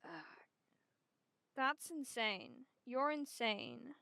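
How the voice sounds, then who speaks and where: Young woman streamer, high bright voice, kinda slow, rambly and self-deprecating, chatting to chat. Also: big pitch swings, gravelly, no room sound. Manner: scatterbrained, self-mocking, talks to chat while fiddling with setup. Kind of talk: casual live-stream chat.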